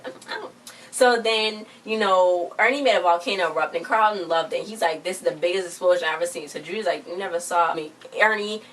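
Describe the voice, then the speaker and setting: A young woman casually recapping a TV episode, chatty and animated, acting out the characters' lines and adding her own reactions. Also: fairly low pitch. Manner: chatty, animated retelling with quoted lines and asides. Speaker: TV episode reviewer. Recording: distant mic with faint background noise.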